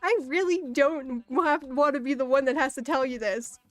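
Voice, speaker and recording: A woman's voice: high-pitched, normal speed, no echo, faint music behind. A young woman in a casual, exasperated ranting monologue, swearing often and laughing in disbelief. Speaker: streamer.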